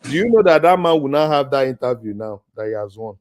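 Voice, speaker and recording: A man's voice: medium pitch, lively intonation, fast talker, a little mellow, smooth, dry recording, studio quality. A man moderating an online political discussion, confident and assertive. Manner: confident, predicting.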